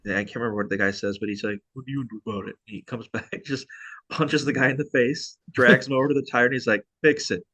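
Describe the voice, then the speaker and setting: A man chats casually on a podcast, eagerly retelling scenes and laughing along the way. His voice is bright and forceful. The sound is dry and close. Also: mid-range voice, fast talker, no echo. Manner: animated storytelling with laughs. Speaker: podcast co-host. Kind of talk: casual chat.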